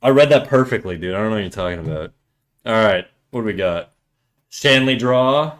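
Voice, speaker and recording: A man's voice: on the low side, animated, brisk. A French Canadian man, native French speaker, hosting a casual livestream, chatting with viewers in a joking, rambling way. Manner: joking, rambling, switches between English and French. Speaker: livestream host. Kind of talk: casual stream chat with chat readers.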